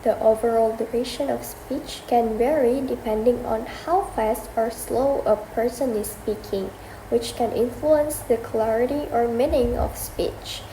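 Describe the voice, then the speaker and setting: A young woman student reading the summary of a class presentation in an even, measured way. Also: fairly high pitch. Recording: roomy echo with faint background noise.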